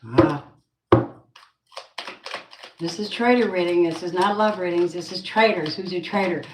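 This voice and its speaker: Woman, tarot reader, deep low voice, blunt earthy manner, roomy echo, steady background noise. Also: unhurried. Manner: blunt and earthy, muttering asides. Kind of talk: spoken tarot reading with prayer.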